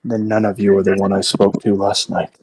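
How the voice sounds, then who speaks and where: A man playing a blunt, deep-voiced adventurer. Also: a little fast, slight background noise, close to an everyday voice, poor audio. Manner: calm, direct, unintentionally gruff.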